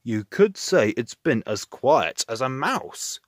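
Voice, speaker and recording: A man voicing an easygoing, cheerful builder in a children's storybook, talking in a relaxed, chuckling way. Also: mid-range voice, slow, no echo, clean studio sound.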